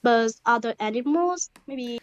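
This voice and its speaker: A woman's voice: on the high side, expressive, a little slow. A woman who is a native Thai speaker, with a Thai accent, answering test questions in a hesitant, careful, choppy way. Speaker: test candidate. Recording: dull, dry recording.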